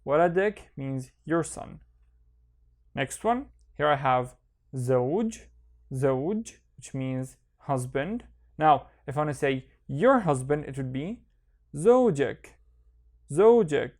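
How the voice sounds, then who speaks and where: A man gives an online reading lesson, calm and unhurried. He sounds out each syllable and repeats it, with a mid-range voice. He comes across as clear and patient throughout. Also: mid-range voice. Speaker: Arabic teacher.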